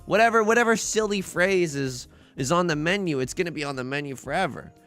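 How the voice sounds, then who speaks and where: Animated joking young man streaming a game. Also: on the high side, brisk, soft background music. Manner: animated, jokey, often stumbles and repeats words. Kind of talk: live game commentary.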